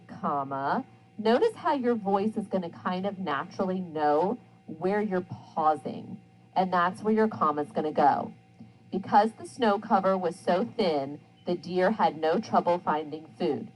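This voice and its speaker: A woman teacher talks through a recorded grammar lesson in a lively, expressive voice that swings up and down in pitch. She enunciates each sound with care and reads her example sentences aloud with clear emphasis. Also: moderate pace, faint music behind, rough recording.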